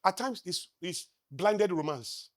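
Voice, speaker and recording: High-voiced Nigerian man preaching success. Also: lively intonation, takes it slowly, no room sound. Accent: Nigerian English. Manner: emphatic, with rhetorical questions to the crowd; swings between loud declarations and low asides. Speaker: motivational speaker. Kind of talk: live stage talk to an audience.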